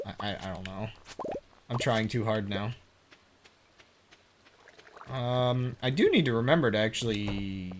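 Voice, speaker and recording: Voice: medium pitch, slight background noise. Rambling, giggly streamer from Appalachia. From Appalachia, United States. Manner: rambling, laughs often, drifts into a put-on drawl. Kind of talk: casual gameplay commentary.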